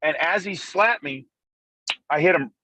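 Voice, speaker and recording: A man telling a story over a phone call while driving, excitable and full of profanity. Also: on the high side, unhurried, noisy background. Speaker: podcast co-host. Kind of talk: casual storytelling chat. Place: in a car, driving.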